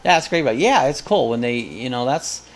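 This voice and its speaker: A man's voice: mid-range voice, expressive, moderate pace, faint music behind. A man hosting a casual live chat, rambling and joking as he tells stories. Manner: rambling, jokey storyteller.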